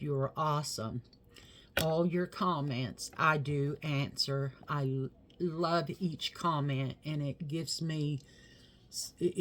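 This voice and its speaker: A woman's voice: deep voice, fairly bright tone. A middle-aged woman chatting to camera at home, telling a rambling family story and thanking viewers affectionately. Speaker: makeup vlogger. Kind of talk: casual chat to camera.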